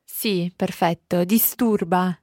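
A woman's voice: lowish voice, fairly even intonation, slow pace, a little mellow, no room sound, clean studio sound. A woman co-teaching a podcast language lesson who models phrases and encourages the learner's answers. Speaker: co-host teacher.

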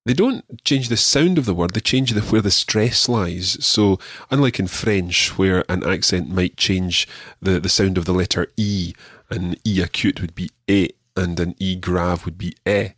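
Male language tutor, low and a touch husky, patient, repeats and praises. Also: a bit bright, no room sound, studio quality. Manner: patient, encouraging, repeats words slowly. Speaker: language teacher. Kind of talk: radio language lesson.

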